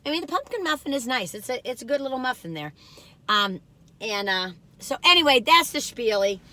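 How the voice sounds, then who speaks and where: A woman's voice: high-pitched, sing-song, brisk, pushed and bright. A woman in her sixties telling a long personal story and reviewing food in a casual, rambling way, full of fillers, restarts and joking asides about herself. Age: 60s. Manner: chatty, wandering, lots of fillers and restarts; self-deprecating, joking asides.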